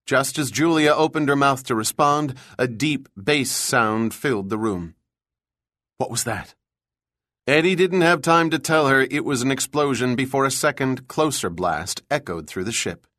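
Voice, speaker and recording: A man narrating a thriller audiobook in an even, measured storytelling voice. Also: mid-range voice, no room sound, studio quality. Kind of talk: scripted narration.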